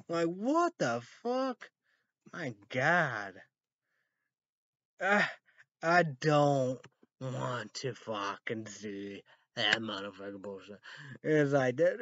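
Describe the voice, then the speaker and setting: Rambling high-voiced man, slow and profane. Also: expressive, dry recording, lo-fi sound. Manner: rambling and profane, swinging from low mumbles to loud outbursts. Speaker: streamer. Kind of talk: rambling live stream talk.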